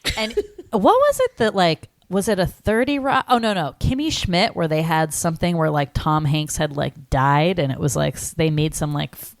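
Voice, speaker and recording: On a podcast she co-hosts, a woman in her thirties chats and rambles casually, dropping "like" often. Her low, creaky voice has lively intonation at a normal speed, and the studio-quality recording has no room sound.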